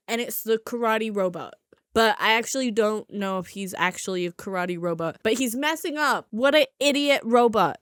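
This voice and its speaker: A young woman with a slight lisp recaps a movie in a sarcastic, exasperated, mocking way. Her voice sits a little high and sounds smooth and clear. It is recorded close and dry. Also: fairly bright tone, no room sound. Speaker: movie reviewer. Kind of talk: casual comedic movie recap.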